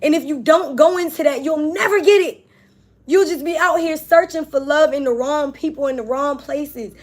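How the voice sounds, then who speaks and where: A woman's voice: high voice, moderate pace. Emphatic woman tarot reader. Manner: emphatic, casual, talks straight to viewers. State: tearful, on the verge of crying. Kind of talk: spiritual tarot reading to viewers.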